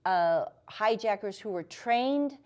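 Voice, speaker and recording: A woman's voice: medium pitch, animated, slow, a little mellow, lo-fi sound. A woman with an American accent, answering interview questions in an insistent, emphatic way. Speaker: guest, former intelligence asset.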